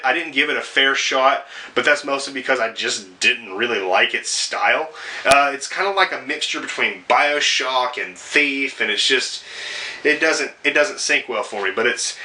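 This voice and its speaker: A young man with a bright, forceful, mid-range voice rants as a video game reviewer. His commentary is sarcastic and profane, packed with swearing and exasperated asides.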